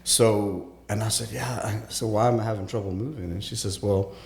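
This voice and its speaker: A man in an interview, a former teacher, telling his story in a halting, casual way, full of restarts and fillers. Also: on the low side, steady tone, vocal fry, darkish tone, echoey room. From Texas. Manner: halting, with many restarts and fillers, acts out quoted voices.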